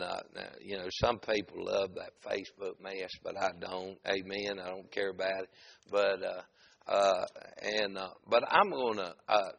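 A preacher delivering a humorous sermon, telling folksy stories and dropping "amen" between lines. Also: male voice, fairly low pitch, gravelly, fairly bright tone. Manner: peppers talk with "amen", folksy storyteller.

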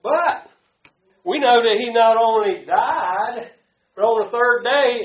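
A man preaching a sermon to a congregation, swinging from loud to hushed and calling out to the room. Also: very high voice, normal speed, echoey room, muffled recording. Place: church before a congregation.

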